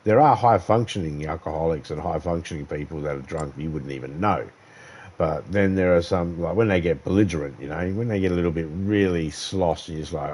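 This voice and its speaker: A man's voice: low-pitched, a little fast, a little mellow, poor audio. A man with an Australian accent rambling through a sweary anecdote in a casual chat while gaming. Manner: rambling, sweary storytelling with laughs. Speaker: gaming streamer.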